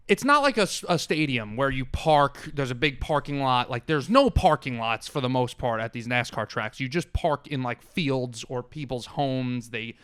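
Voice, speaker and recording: A man's voice: mid-range voice, a bit bright, smooth, no echo. A man co-hosting a sports podcast, telling stories animatedly with lots of fillers in a studio. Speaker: podcast co-host. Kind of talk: casual chat.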